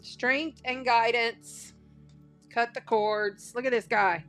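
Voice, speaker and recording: A woman's voice: a little high, steady tone, slow, fairly bright tone, soft background music. A woman giving a casual spiritual tarot and astrology reading, chatty and folksy, repeating phrases for emphasis.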